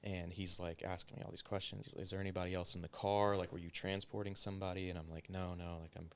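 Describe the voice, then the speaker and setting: A former police officer tells a story in a casual interview, swearing often and peppering his speech with "like." His voice sits low with little pitch movement and a fairly bright tone, he talks quickly, and there's a slight hiss or hum.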